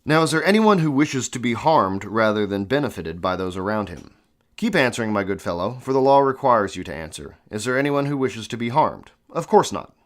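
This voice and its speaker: A man's voice: fairly low pitch, animated, fairly quick. A man reading a classic philosophical dialogue aloud, with an earnest, questioning delivery and the odd restart. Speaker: reader of classic texts.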